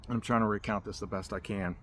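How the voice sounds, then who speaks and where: Male vlogger, casual rambling storyteller, fairly low voice, outdoor recording with light noise. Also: steady tone, quick pace, a bit bright. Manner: rambling, filler-heavy, with restarts and 'like'. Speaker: spiritual vlogger. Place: outdoors in a hammock.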